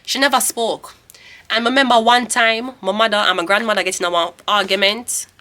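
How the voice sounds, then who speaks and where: Jamaican lady in her 30s doing a tarot reading, bright edgy voice, blunt and cussing a lot. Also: mid-range voice, steady tone, a little fast. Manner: blunt, profane, ranting. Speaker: tarot reader.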